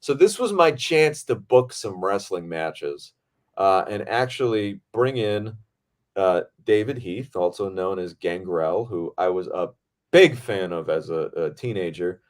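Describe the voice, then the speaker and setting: A man with a fairly low voice chats on a podcast about his days on set. He talks in an excitable, animated way and swears freely as the story builds. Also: unhurried. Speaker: podcast host and film director. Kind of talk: casual storytelling chat.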